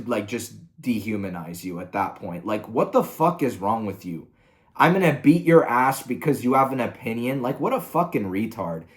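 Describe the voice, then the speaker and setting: Exasperated man ranting with lively pitch. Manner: angry, profane, exasperated. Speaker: commentary host. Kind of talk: ranting commentary.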